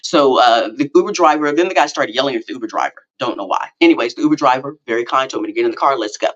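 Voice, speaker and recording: Middle-aged man, podcast host, rambling casual storytelling, mid-pitched voice, slightly muffled lo-fi audio. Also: very fast. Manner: rambling, with many fillers and self-corrections; animated, self-mocking storytelling.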